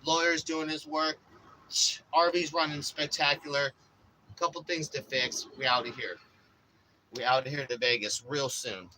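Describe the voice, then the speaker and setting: A man living in an RV, chatting casually to viewers on his phone outdoors, rambling and profane, swinging between loud hype and low mumbling. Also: steady tone, normal speed, slight background noise, poor audio. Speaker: RV-living vlogger. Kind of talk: casual livestream chat to viewers. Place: outdoors around an RV by the beach.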